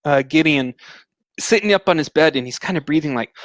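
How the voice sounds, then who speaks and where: A man's voice: fairly high pitch, normal speed, a bit bright, no room sound. A man narrating a tabletop game as game master, describing scenes at length with many fillers.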